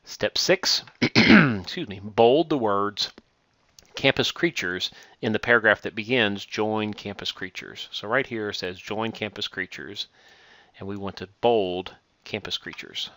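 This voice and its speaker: A lower-pitched man guides a computer lesson at an even, methodical pace, reading instructions aloud before showing each click. His delivery is patient and relaxed, with small self-corrections along the way. The sound is dry and close, with no room echo. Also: measured pace. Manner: methodical, reads steps aloud then demonstrates. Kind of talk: software tutorial screencast.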